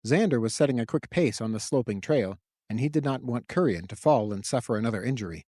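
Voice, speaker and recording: A man's voice: medium pitch, animated, fast talker, dark tone, dry recording. Man narrating an audiobook, dry sound. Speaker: author and narrator.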